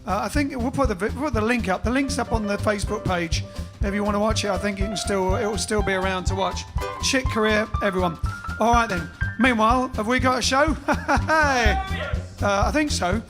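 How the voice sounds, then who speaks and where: A playful man hosts a casual livestream from an indoor room, his voice sitting quite high for a man. He chats and jokes loosely between songs. Band music plays clearly behind him. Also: fairly quick. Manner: playful, joking, chatty asides. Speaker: band leader hosting a livestream show.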